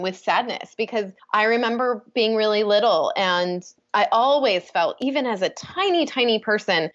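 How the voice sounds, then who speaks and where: An earnest woman coach who talks in long, flowing thoughts with many fillers. Her pitch sits in the middle, and the recording sounds slightly dull and lo-fi. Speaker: empowerment coach, guest. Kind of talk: casual interview talk.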